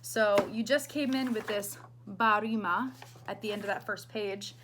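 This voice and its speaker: A woman's voice: medium pitch, unhurried, background noise. A woman teaching a choir part in a casual online music lesson, talking through pronunciation with lots of ums and singing short example phrases. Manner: chatty, many ums, sings example phrases.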